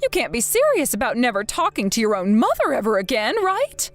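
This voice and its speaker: A woman voicing a whiny, manipulative older mother who pleads and guilt-trips in an animated story. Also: on the high side, a little fast, faint music behind. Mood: pleading.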